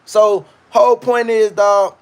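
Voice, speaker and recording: A man hosting a livestream, ranting in a loud, profane, rambling way and reading viewer comments. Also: high-pitched, flat delivery, slow pace, clear, resonant tone. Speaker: livestream host. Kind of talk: casual livestream rant.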